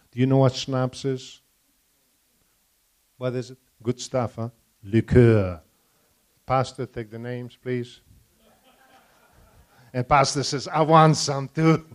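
An older Polish man speaks in a mid-range, darkish voice with a Polish accent and broken English. He gives his testimony to a church audience, pausing to ask the listeners questions.

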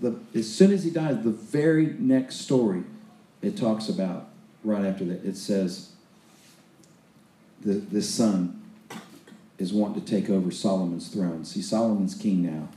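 A preacher with a low, very dark and mellow voice, telling Bible stories in a loose, chatty way. He stumbles and restarts as he goes. His voice rings in an echoey room. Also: a little slow, pauses often. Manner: loose, conversational storytelling with restarts and acted-out quotes. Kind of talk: sermon retelling Bible stories.

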